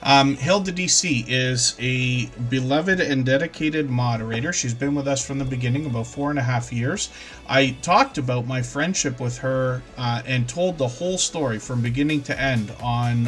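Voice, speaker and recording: A man's voice: medium pitch, normal speed, a bit bright, faint music behind. A man hosting a casual live stream chat, talking on between bouts of a lingering cough and often saying pardon me. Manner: chatty, apologetic, says pardon me often.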